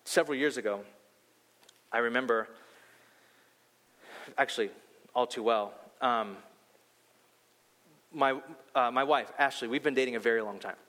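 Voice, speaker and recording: A young adult man preaching a sermon, firing off rhetorical questions and telling a personal story, his voice climbing high as he grows heated. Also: measured pace, long pauses. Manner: animated storytelling, rhetorical questions, pitch rising when heated. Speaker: pastor. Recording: long hall reverb.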